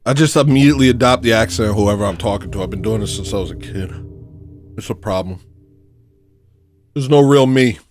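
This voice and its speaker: A man's voice: lowish voice, a little fast, pauses often, darkish tone, soft background music. A man hosting a casual livestream, rambling and joking, reading out viewer messages and slipping into little rhymes. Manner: rambling, joking, slips into rhyming riffs; reads out viewer donations. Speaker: livestream host.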